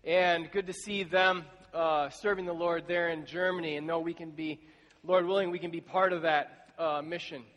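A man's voice: a little high, steady tone, normal speed, fairly bright tone, lo-fi sound. A man preaching a sermon as pastor, talking conversationally and acting out imagined exchanges with people in hard times. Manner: conversational, acts out imagined dialogues. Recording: long church reverb.

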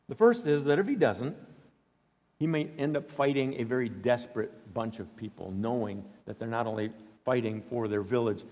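A man preaching a storytelling sermon, animated and dramatic, acting out quotes. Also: medium pitch, in a large hall.

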